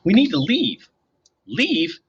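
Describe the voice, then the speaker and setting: A man voicing a sharp, impatient young girl in an audiobook reading. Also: huge pitch swings, slow, breathy edge, highs cut off, exaggerated voice. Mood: annoyed. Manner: snappish, higher-pitched.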